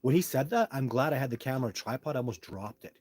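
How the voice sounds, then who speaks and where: A man hosting a live stream, answering chat in a rambling way that heats up into loud, indignant rants with cursing. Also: mid-range voice, expressive, fast talker, no echo.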